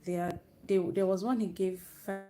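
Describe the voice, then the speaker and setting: A woman's voice: mid-range voice, fairly even intonation, measured pace, mellow, a little hiss or hum. A woman giving an earnest, motivational faith talk to young people on a live stream, often restarting her phrases as she goes. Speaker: youth speaker. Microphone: live stream, own network.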